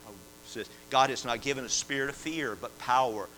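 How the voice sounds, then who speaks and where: A man, a prison chaplain preaching a sermon and telling stories in a folksy way, at times rising into shouted praise. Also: mid-range voice, moderate pace, a little hiss or hum, rough recording. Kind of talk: sermon with testimony.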